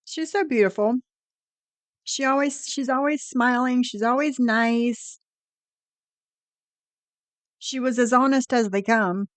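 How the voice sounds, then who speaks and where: A woman's voice: fairly high pitch, slow pace, pauses often, dry recording. A woman hosting a stream, making chatty asides to her viewers. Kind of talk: casual live-stream chat.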